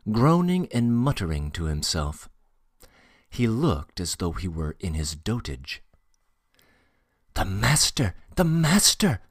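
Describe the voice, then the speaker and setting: A man narrating a classic novel with a lowish voice and an expressive, rising-and-falling delivery. He reads slowly and deliberately into a close mic. The recording is dry, with no room sound. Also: no room sound. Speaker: audiobook narrator. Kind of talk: scripted narration.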